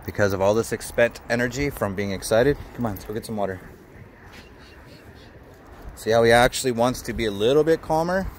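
A man's voice: mid-range voice, fairly quick, pauses often, a little hiss or hum. A man working as a dog trainer, talking outdoors while he plays with a dog, praising it and explaining its behavior as he goes. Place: outdoors at a park.

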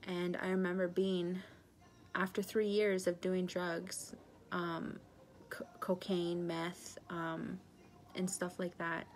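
Young woman telling her own story, blunt and profane, circles back with "I remember", low even delivery. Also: slow pace, a little hiss or hum. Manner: candid and blunt, swears freely; repetitive recollection, keeps saying "I remember". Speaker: speaker sharing her life story. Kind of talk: personal testimony.

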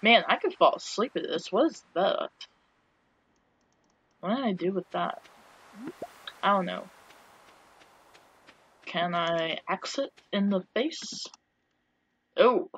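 A woman's voice: mid-range voice, lively intonation, slow pace, pauses often, husky. A woman giving casual let's-play commentary, chatty and wry, with joking asides as she plays. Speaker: game player. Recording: dull lo-fi with faint hiss.

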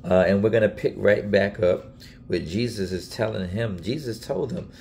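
Man, gravelly voice, casual Bible teaching, emphatic, repetitive. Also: fairly low pitch, normal speed, a little mellow. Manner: earnest, repetitive, emphatic, with many restarts. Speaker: preacher.

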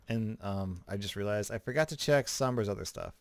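A man giving casual, chatty commentary as a gaming video creator, relaxed, with small laughs. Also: on the low side, brisk, no echo. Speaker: gaming YouTuber. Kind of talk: casual commentary over gameplay.

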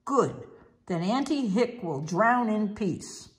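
A woman's voice: medium pitch, animated, slow. Woman doing a snarling rat robber. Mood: menacing. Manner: gruff, menacing.

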